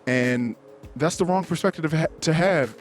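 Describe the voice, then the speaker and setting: A man's voice: fairly high pitch, moderate pace, soft background music. A man hosting a podcast, talking candidly and self-critically in a rambling way, swearing often and acting out heated quotes. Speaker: podcast host. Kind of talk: candid solo podcast confession.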